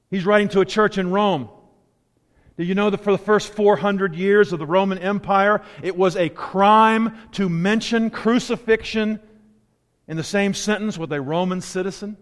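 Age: unknown. Role: preacher. Style: conversational sermon with stories and asides. Pitch: high for a man. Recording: long hall reverb in a church sanctuary. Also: moderate pace.

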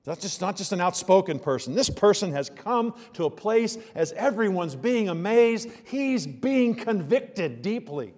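A man's voice: high-pitched, expressive, normal speed, few pauses, a little mellow, big-room sound. A man preaching a sermon in a conversational way, asking many rhetorical questions and building to emphatic bursts. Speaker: pastor.

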